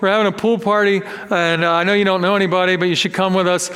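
A man voicing a friendly young man who casually invites friends along, upbeat and quick. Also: high voice, little pitch movement, fairly bright tone. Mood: inviting. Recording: long echoey reverb.

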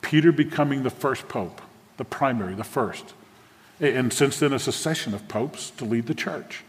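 Preacher with reverberating hall sound. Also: male voice, medium pitch, moderate pace. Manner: engaging, asks the congregation questions. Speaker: pastor. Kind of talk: sermon. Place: church sanctuary with a congregation. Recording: long hall reverb from a church.

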